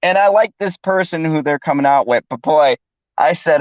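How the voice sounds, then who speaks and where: A man's voice: a little high, lively intonation, moderate pace, dry recording. A man hosting a casual podcast chat, laughing often and cursing freely. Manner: laughs often, loose and profane. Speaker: host. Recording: dull, dry lo-fi recording.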